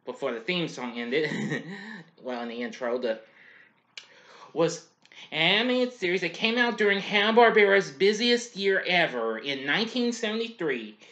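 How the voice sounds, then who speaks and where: Male host for a casual cartoon review: a bit high-pitched, tense, bright tone, chuckly, loose and meandering delivery. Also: animated, normal speed, lo-fi sound. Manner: rambling, heavy on "well" and "anyway" asides.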